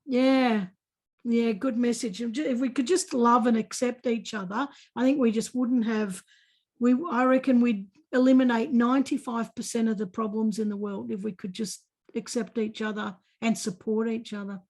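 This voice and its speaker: Australian woman host, high bright pitch; effusive cheerleader who rambles and repeats herself. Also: steady tone, moderate pace. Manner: gushing, repeats herself, talks over guest. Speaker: podcast host. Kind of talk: effusive podcast interview over video call. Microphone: video call.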